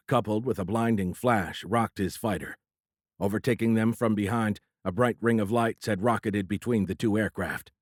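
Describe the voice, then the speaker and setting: A male audiobook narrator with a low voice, reading in a steady, measured way. The recording is close-miked and dry, with no room sound behind it. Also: no room sound. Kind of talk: scripted narration.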